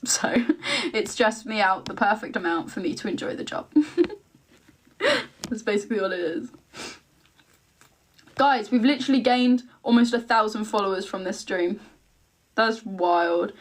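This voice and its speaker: A chatty, giggly English woman in her twenties from the east of England, hosting a casual live stream and answering viewer comments. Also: mid-range voice. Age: 20s. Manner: chatty and giggly, quick asides. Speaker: livestream host.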